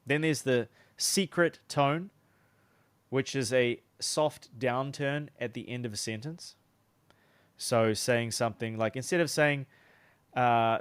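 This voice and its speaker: A man's voice: mid-range voice, slow, clear, resonant tone, no echo. Chatty man coaching sales, dry close sound. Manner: loose and chatty, many fillers and restarts. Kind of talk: casual teaching talk.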